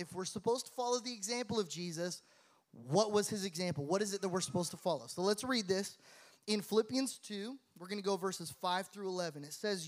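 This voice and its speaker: A male pastor preaching a sermon, telling a story in an animated, jokey way and laughing at his own tales. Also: sits high.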